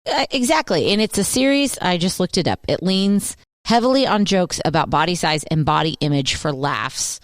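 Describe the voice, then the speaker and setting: A woman's voice: on the low side, lively intonation, normal speed, hardly any pauses, no room sound, studio quality. A woman co-hosting a podcast, chatting casually and with animation. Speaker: podcast co-host. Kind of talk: casual chat.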